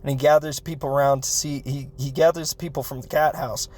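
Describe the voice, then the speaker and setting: A man's voice: mid-range voice, steady tone, a little fast, darkish tone. A man hosting a podcast, recapping a film in a rambling, self-interrupting way and laughing as he talks. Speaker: podcast host reviewing a film. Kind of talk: casual comedic film recap.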